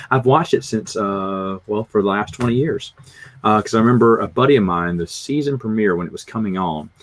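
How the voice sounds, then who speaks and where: A man's voice: fairly low pitch, moderate pace. A middle-aged man with a Southern US accent, chatting casually and rambling through stories on a livestream in a self-deprecating way. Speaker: livestream host. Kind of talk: casual rambling chat, reading comments.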